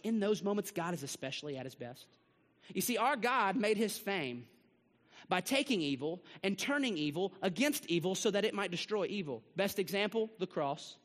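A man preaching a sermon to his church, swinging between rising bursts and hushed drops. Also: high-pitched, in a large hall. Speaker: pastor. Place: church sanctuary.

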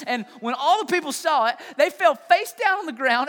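A high-voiced man preaching a lively sermon, acting out voices with a playful bite. His voice rings through a large hall with a long echo. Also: normal speed. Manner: animated storytelling with playful trash-talk voices.

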